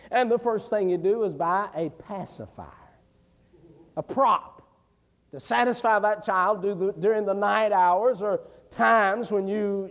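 A middle-aged man preaching a sermon as an evangelist, telling homely stories and building to fervent declamation. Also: high-pitched. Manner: folksy storytelling, rising to fervent declamation. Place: church sanctuary. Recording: long church hall reverb.

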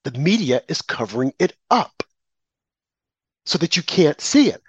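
A man's voice: a little high, big pitch swings, measured pace, breathy edge, no room sound. A man giving an emphatic political monologue, indignant and full of rhetorical questions. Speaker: commentary host.

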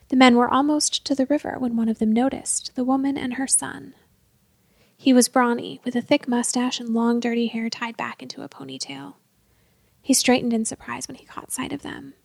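A woman reading a story aloud as narrator, in a steady, measured way. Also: high voice, vocal fry, no room sound. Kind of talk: scripted narration.

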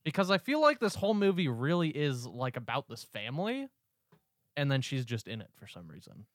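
A man's voice: mid-range voice, very animated, fairly quick, no room sound, clean studio sound. A man co-hosting a film podcast, thinking aloud in an earnest, hedging way. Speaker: podcast co-host. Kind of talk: casual film discussion.

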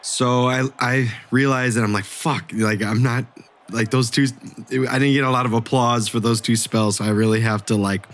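A man playing in a tabletop game, describing his character's action in an animated, vivid way. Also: mid-range voice, moderate pace. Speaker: player. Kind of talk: casual tabletop play.

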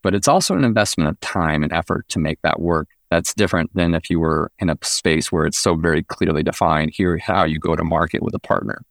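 Male founder, podcast guest. Low voice, dry recording, lively when telling anecdotes. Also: fairly quick, vocal fry, few pauses, no echo. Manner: animated, acts out quoted exchanges. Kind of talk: business podcast interview.

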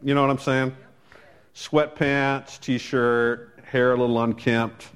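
A man's voice: medium pitch, level tone, takes it slowly, clear, resonant tone. A man preaching a sermon as a pastor, telling a personal story in a conversational way with wry asides.

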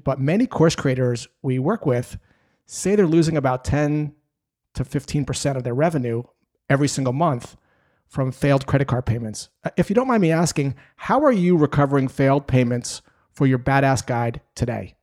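A man's voice: mid-range voice, animated, normal speed, a little mellow, close to an everyday voice. Man putting on a chirpy saleswoman voice. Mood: friendly. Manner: cheerful, chatty. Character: upbeat friendly female saleswoman on a cold call. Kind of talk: role-played sales call.

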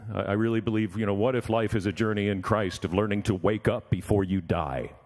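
A man's voice: on the low side, fairly quick, long reverb tail. A man preaching a sermon, telling a story and acting out the voices in it. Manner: animated, acts out voices in his story.

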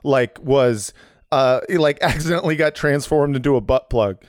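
A man's voice: medium pitch, normal speed, no room sound. Crude rambling man, dry close sound. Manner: crude, rambling, laughs at his own jokes. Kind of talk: casual chat.

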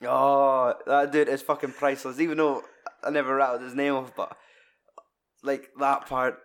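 A Scottish man in a relaxed film chat, swearing a lot and jumping into loud voices to act out scenes. His pitch sits in the middle range. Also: normal speed, smooth.

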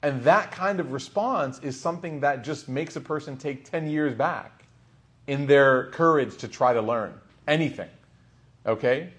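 A man's voice: mid-range voice, unhurried, a bit bright. A man giving a religious lesson in a conversational, storytelling way. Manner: conversational, frequent "like" and "right?". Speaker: Islamic teacher. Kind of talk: lecture storytelling.

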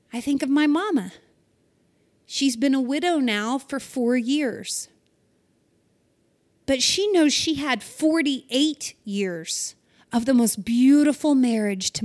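A middle-aged woman leads a spoken devotional, talking straight to her listeners. Her voice sits high and her pace is slow and deliberate. She sounds earnest and encouraging throughout. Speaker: devotional host.

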